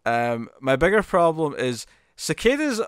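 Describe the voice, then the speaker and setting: A man's voice: a little high, sing-song, a little slow, clean tone, dry recording, studio quality. A man co-hosting a podcast and chatting casually about TV episodes, speaking with lots of restarts, repeated words and fillers. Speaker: podcast co-host. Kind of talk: casual chat reviewing TV episodes.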